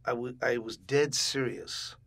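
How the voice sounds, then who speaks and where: An older man telling stories in a casual interview, animated and acting out the voices of people he quotes. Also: medium pitch, unhurried, gravelly. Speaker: interviewee, bandleader.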